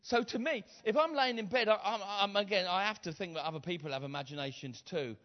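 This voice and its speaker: A middle-aged man preaching a sermon, retelling a story with acted voices, repeated phrases and rising shouts. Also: high-pitched, fast talker. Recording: slightly dull lo-fi sound.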